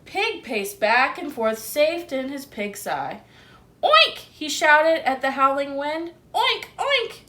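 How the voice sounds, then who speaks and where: A woman teacher reading a picture book aloud to young children, gentle and expressive, asking them questions. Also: sits high, slow, hardly any pauses, a little hiss or hum.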